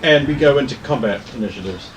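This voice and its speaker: A man's voice: medium pitch, lively intonation, fast, slight background noise. A man narrating a tabletop game as game master, playful and theatrical. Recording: roomy, distant, music behind.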